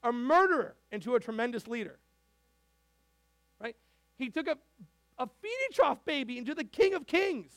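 High-voiced animated male pastor. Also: normal speed, long pauses, no echo. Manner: animated, conversational, frequent asides and restarts. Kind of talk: sermon. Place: church sanctuary.

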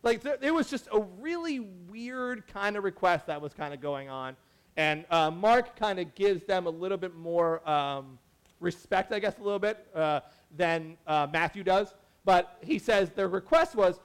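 High-pitched guy preaching, super casual, lots of "like", restarts, acts out the quotes. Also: expressive, unhurried, clean tone. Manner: conversational, lots of "like" and self-corrections, acts out quotes. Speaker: pastor. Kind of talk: sermon.

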